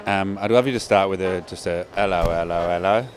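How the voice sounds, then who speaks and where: A man's voice: low-pitched, a little fast, crowd noise. A man hosting a radio segment, teasing and laughing as he directs his co-host. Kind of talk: playful radio banter.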